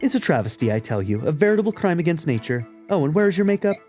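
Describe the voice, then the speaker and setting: A vain, grandiose city lady from a fantasy game, performed by a man reading along. She talks high and haughty, with a mellow tone and faint game music in the background. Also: very animated, fast talker. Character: pompous elegant city woman, vain.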